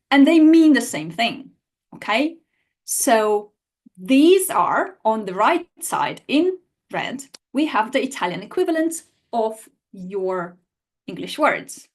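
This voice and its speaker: Slow-talking woman teaching a language lesson. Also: fairly high pitch, expressive. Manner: patient, explains step by step and has learners repeat sounds. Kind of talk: online lesson.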